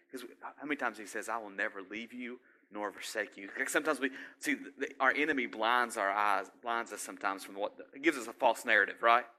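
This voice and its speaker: A middle-aged man preaching a sermon in a conversational way, often asking the congregation questions and building to loud exhortation. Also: on the low side. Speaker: pastor.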